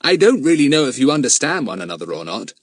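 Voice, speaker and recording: A man's voice: medium pitch, sing-song, fast, no room sound, clean studio sound, voice pushed up. A man voicing a firm, sensible teenage boy in a storybook. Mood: stern. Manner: firm, stern. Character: sensible boy with a monkey, young teen.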